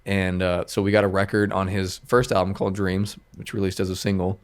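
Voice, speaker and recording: A man's voice: sits low, level tone, brisk. A man who is a music producer, a podcast guest talking in a loose, rambling way with lots of fillers. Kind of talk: casual podcast chat.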